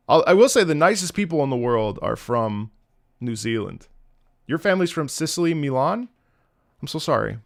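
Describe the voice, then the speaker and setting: A man's voice: fairly high pitch, very animated, normal speed, vocal fry, pauses often. A man casually chatting with his viewers on a live stream, rambling and joking with chat.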